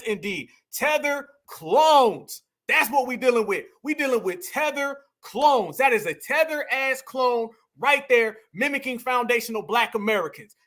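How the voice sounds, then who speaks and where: A man's voice: very high voice, bright, forceful tone. A man hosting a heated commentary monologue, emphatic and repetitive, calling his audience family. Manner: emphatic, repeats lines, calls the audience family. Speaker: commentary host.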